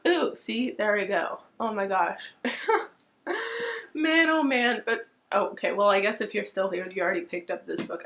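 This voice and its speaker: A woman's voice: a little high, fairly bright tone, slight background noise. A woman hosting her own channel, chatting casually and emotionally about a book, full of fillers and gushing asides. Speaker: book reviewer, channel host. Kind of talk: casual vlog chat.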